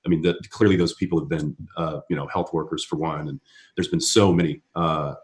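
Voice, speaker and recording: A man on a video call, talking in a calm, reassuring way with some hesitant restarts. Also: very deep voice, a little fast. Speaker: guest. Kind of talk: casual video call chat.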